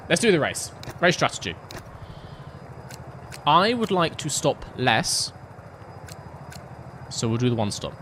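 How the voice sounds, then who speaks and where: A man's voice: mid-range voice, a bit bright, a little hiss or hum. A young man streaming a racing game from his home setup on a headset mic, chatting in a rambling, self-deprecating way with giggly asides. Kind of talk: casual gaming live-stream chat.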